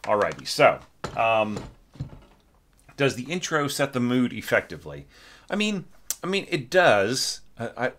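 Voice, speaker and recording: A man's voice: medium pitch, very animated, a little slow, pauses often, fairly bright tone, slight background noise. A man teaching orchestration, giving a casual spoken critique of a student's score, thinking aloud with hesitant restarts. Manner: sings short phrases on nonsense syllables.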